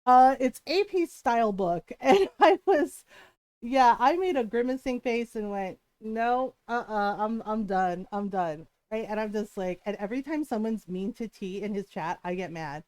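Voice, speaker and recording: A woman's voice: fairly high pitch, lively intonation, normal speed, darkish tone, dry recording. A woman streamer in casual livestream chat, ranting animatedly, swearing, laughing often and greeting viewers as she talks.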